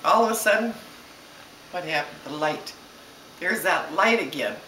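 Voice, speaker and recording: A woman telling a story aloud to a child, expressive and stopping to ask the listener questions. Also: lowish voice, measured pace, a little hiss or hum. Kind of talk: bedtime-style story told aloud. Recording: echoey room, distant mic.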